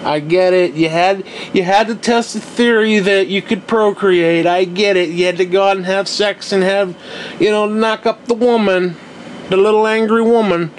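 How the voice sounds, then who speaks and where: A young man hosts his podcast alone, his voice sitting fairly high for a man. He rambles through a profane, exasperated rant in a loose, casual way. A faint hum runs underneath the recording. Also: fairly even intonation, normal speed. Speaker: podcast host. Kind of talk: casual ranting monologue.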